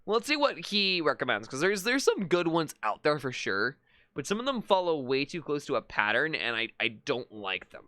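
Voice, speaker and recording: Bright, lively-voiced streamer thinking aloud. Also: medium pitch, moderate pace, no room sound. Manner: thinking aloud, with frequent stammered restarts. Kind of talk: casual live-stream commentary.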